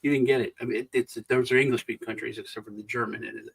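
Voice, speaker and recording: A man's voice: mid-range voice, fairly even intonation, fast talker, creaky, husky, low-quality recording. Man, middle-aged, casual chat, rambling, restarts often, storyteller. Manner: rambling, restarts and trails off, tells anecdotes. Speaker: co-host.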